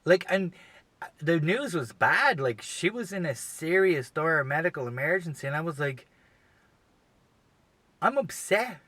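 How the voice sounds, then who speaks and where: A man's voice: on the high side, animated, normal speed, pushed and bright, no room sound. A man hosting a podcast, telling a long comedic story in a rambling, profane way full of "you know" asides. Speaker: podcast host.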